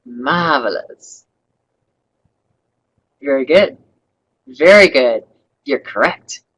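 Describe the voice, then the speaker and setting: A woman's voice: low-pitched, expressive, normal speed, breathy edge, poor audio. A middle-aged woman running an online training webinar, upbeat and coaching, who acts out sample customer lines.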